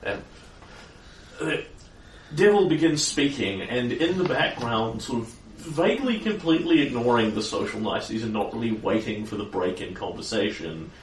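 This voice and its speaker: A man's voice: medium pitch, lively intonation, moderate pace, reverberant, far from the mic, a little hiss or hum, low-quality recording. A man running a tabletop game as game master, narrating the scene in a loose, descriptive way.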